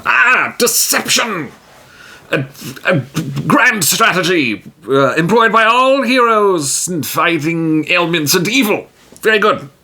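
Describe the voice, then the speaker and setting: A man voicing a pompous heroic adventurer with a grand, theatrical manner, high above his own voice and slow. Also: expressive, sharp tone, exaggerated voice. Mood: grandly heroic.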